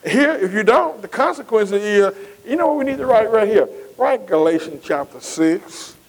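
A man's voice: high voice, lively intonation, moderate pace, rough recording. A man preaching a sermon, repeating phrases and calling out to the congregation. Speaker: pastor.

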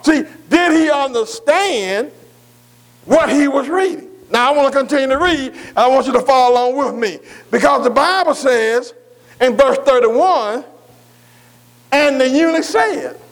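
A man preaching a sermon, reading scripture slowly and drawing out the words, then asking his congregation questions and repeating phrases for emphasis. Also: very high-pitched, expressive. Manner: slow, drawn-out reading of scripture.

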